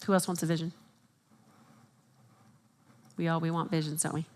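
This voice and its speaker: A woman facilitating a live workshop in front of an audience, speaking in an animated coaching manner and acting out the inner questions people ask themselves. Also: low-pitched, normal speed, big-room sound. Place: event hall with audience.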